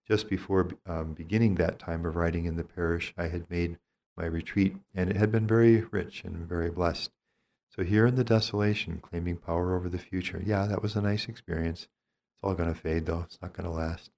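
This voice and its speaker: Deep-voiced priest teaching calmly. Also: male voice, a little fast, vocal fry, slight background noise. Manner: calm, reflective, reading from his journal. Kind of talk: spiritual teaching talk.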